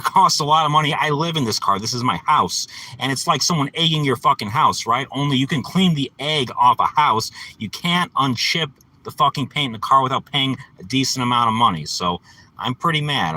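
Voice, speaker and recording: A man's voice: lowish voice, sharp tone, low-quality recording. Man ranting profanely from his car. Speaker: vlogger. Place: inside a parked car.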